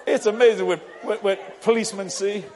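A man's voice: high voice, fairly even intonation, a little fast, darkish tone, a faint crowd, a little hiss or hum. A middle-aged man, preaching to a congregation in a church hall and telling funny stories, laughing often and acting out the people in them. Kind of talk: humorous storytelling sermon.

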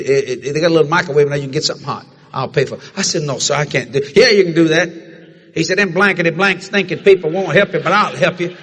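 High, bright-voiced animated preacher man. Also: slightly rough. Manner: animated storytelling, voicing others in dialogue. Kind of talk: sermon storytelling.

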